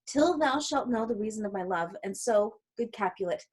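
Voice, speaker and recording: A woman reading the part of Romeo, a gentle young man trying to make peace. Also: medium pitch, animated, moderate pace, slightly rough. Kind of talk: casual read-aloud of a play.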